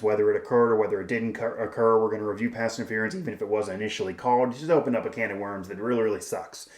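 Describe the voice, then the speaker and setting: A man hosts a sports commentary show, talking emphatically and circling back on his points. His voice sits at a middle pitch. The room around him is noticeably echoey. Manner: emphatic, rambling, frequent restarts.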